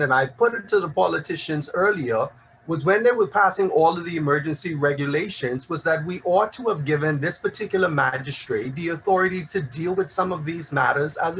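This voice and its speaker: A man speaking as a panelist in a discussion, in a measured, formal way. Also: fairly high pitch, a bit bright, highs cut off, a little hiss or hum. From Bahamas.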